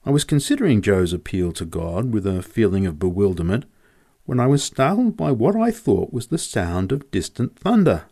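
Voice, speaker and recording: A man's voice: lowish voice, sing-song, moderate pace, gravelly, dark tone. A man narrating a story in a vivid, descriptive reading.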